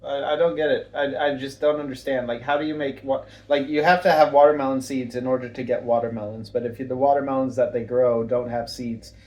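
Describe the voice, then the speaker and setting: A man's voice: medium pitch, fairly even intonation, brisk, hardly any pauses, a little mellow. A man co-hosting a casual comedy podcast, chiming in with dry, puzzled questions. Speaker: podcast co-host.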